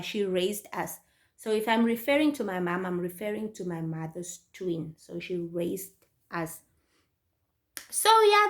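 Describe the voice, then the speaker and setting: A young woman from Namibia with a Namibian accent, telling her own story to her viewers in a casual, animated way. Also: mid-range voice. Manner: animated, addresses viewers directly. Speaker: YouTuber.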